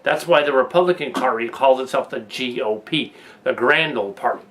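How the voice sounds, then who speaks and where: A man's voice: medium pitch, normal speed, a bit bright, a little hiss or hum. A man hosting a casual political commentary monologue, rambling with frequent restarts and laughing at his own jokes. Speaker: host.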